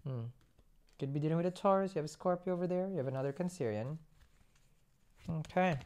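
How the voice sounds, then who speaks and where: A woman's voice: sits low, a little fast, a little mellow. A woman giving a tarot reading in a chatty way, humming as she thinks and asking rhetorical questions. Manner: conversational, rhetorical questions, musing hums. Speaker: tarot reader.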